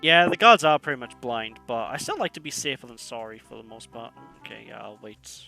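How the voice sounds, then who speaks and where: A man's voice: medium pitch, animated, fairly quick, gravelly, sharp tone, soft background music. A man chatting casually while playing a video game, laughing often and using British slang. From Wales. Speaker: streamer. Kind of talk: casual gameplay commentary.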